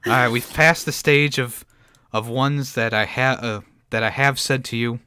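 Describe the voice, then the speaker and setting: A man's voice: medium pitch, fairly even intonation, moderate pace, pushed and bright, clear, resonant tone, no echo, studio quality. A man hosting a podcast in casual chat, playing a teasing quiz-master. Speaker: podcast host.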